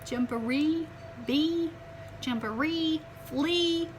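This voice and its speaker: A woman teacher reading a picture book aloud to children, animated and asking them questions as she goes. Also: high voice, drawn-out words, a little hiss or hum, rough recording. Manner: animated, asks the listeners questions.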